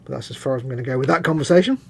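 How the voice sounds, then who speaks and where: On a live model-building stream, a male co-host chats casually and jokes while assembling a model kit, his banter rambling and mocking. He talks very fast in a medium-pitched voice that is fairly bright, with vocal fry and a breathy edge.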